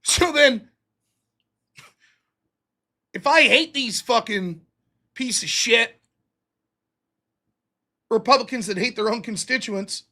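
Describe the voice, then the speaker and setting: An American political talk show host rants to his live chat with heated sarcasm and lots of profanity. His voice is extremely high and sharp, and he speaks slowly, pausing often.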